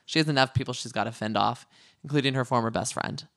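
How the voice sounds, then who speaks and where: A man's voice: medium pitch, quick pace, creaky, fairly bright tone, no echo, studio quality. A man co-hosting a podcast, giving sassy, gossipy opinions in casual chat about reality TV. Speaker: podcast co-host.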